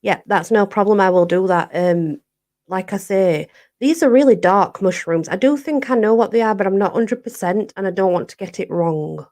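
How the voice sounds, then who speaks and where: A woman from Barnsley with a Yorkshire accent, hosting a relaxed live chat and answering viewers, who says "you know" again and again. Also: medium pitch, normal speed. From Barnsley, Yorkshire, England. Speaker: livestream host.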